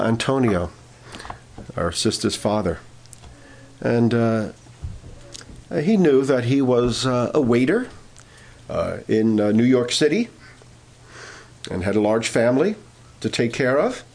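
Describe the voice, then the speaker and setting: Husky man preaching with halting fillers. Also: mid-range voice, animated, darkish tone. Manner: halting with many fillers, rising to emphatic peaks. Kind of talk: sermon storytelling.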